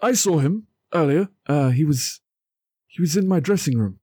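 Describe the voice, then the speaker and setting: A man putting on a shrill dramatic hero. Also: expressive, normal speed, dark tone, breathy edge, no echo, clean studio sound. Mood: anxious. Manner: theatrical, high-pitched exclamations. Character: excitable male hero playing detective.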